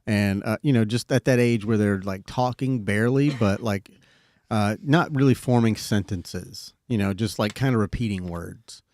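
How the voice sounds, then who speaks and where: Low-voiced man telling a rambling story. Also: moderate pace, a little mellow. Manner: rambling, lots of fillers, swears casually. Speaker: podcast host. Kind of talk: casual storytelling chat.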